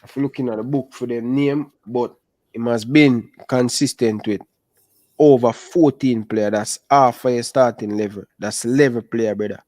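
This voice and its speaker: Young man, Jamaican accent, animated patois chat, dry close sound. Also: mid-range voice, normal speed, dry recording. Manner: animated, speaks Jamaican patois and calls listeners brother. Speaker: football channel host. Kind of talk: casual chat.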